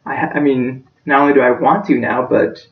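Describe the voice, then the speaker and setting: A man's voice: medium pitch, fairly even intonation, fairly quick. A young man giving a practice persuasive speech for a class, earnest and emotional, his voice close to breaking. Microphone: self-recorded from a distance. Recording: echoey room, distant dull-sounding mic.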